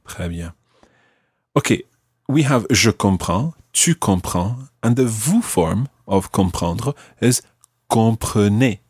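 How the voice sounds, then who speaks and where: Man, language teacher, podcast lesson, husky, lively low voice, patient prompting. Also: takes it slowly, no room sound, studio quality. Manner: patient, prompts the learner with questions.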